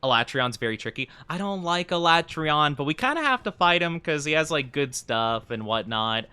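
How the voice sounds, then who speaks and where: A young man playing a game on stream has a high-ish, sing-song voice that is sharp, clear, and resonant, at normal speed. He chats casually and amiably with his audience, rambling and leaning on fillers.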